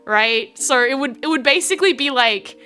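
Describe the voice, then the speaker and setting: A woman's voice: high voice, animated, moderate pace, sharp tone, smooth. A young Australian woman streaming live, chatting in a rambling way with lots of fillers and restarts. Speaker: VTuber streamer. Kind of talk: casual livestream chat.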